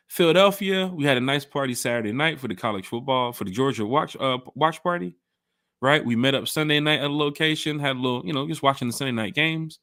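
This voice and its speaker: A man co-hosting a fan podcast, talking in a hyped, slangy way and calling out names from the chat. His voice sits in a middle pitch and sounds close and dry, with no room around it. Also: fast talker, dry recording. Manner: animated, hype, slangy, reads chat shout-outs. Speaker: podcast co-host. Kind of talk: casual sports fan chat.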